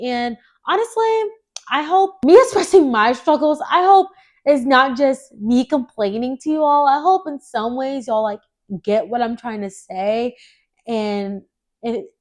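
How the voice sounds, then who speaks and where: Woman, twenties, stuffy nasal voice from a cold, solo podcast host, chatty, earnest, filler words. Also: a little high. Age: 20s. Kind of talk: casual solo podcast chat.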